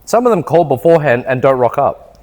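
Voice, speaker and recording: A man's voice: medium pitch, very animated, a little fast, a little mellow, long reverb tail. A man, a car salesman and podcast co-host, trading joking, teasing banter in casual chat. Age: 20s. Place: car showroom.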